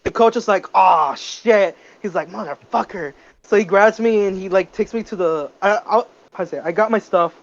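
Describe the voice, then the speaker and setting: A teenage guy with a high voice tells a story to his friends in casual podcast chat. He is animated and curses freely. The recording sounds dull and lo-fi. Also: fast talker, few pauses, slight background noise. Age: teens. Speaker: podcast co-host.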